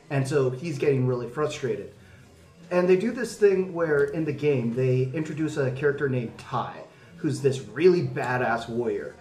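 A man's voice: mid-range voice, a little mellow. Earnest young man, roomy distant sound. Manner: earnest storytelling, many fillers. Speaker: podcast panelist. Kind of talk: casual podcast chat.

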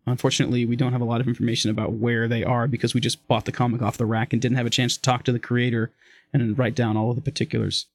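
A man's voice: medium pitch, little pitch movement, racing, no echo. A man hosting a casual podcast, talking enthusiastically and upbeat. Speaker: podcast host.

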